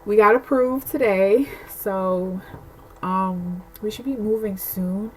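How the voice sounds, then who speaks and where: A woman's voice: medium pitch, takes it slowly, darkish tone, slightly rough, rough recording. Pregnant young woman venting candidly. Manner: candid, emotional, rambling with many fillers. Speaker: vlogger. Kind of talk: casual personal rant to camera.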